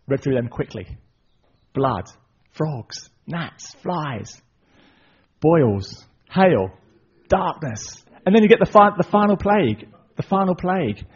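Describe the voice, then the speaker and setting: Male preacher, husky, animated storytelling with asides; dull recording. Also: a little high. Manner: lively retelling, asides to the audience. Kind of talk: sermon storytelling.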